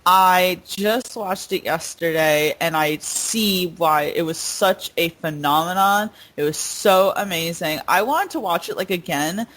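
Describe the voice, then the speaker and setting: A woman's voice: lowish voice, unhurried, hardly any pauses, a bit bright, slight background noise, rough recording. Chatty woman hosting a podcast. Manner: chatty, laughs often, uses many filler words. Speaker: podcast host. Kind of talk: casual podcast chat.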